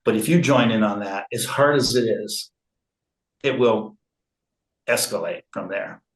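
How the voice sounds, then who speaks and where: A man speaking in an interview about conflict resolution, slow and measured, with frequent fillers and restarts. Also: lowish voice, echoey room, poor audio. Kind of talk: relaxed interview talk.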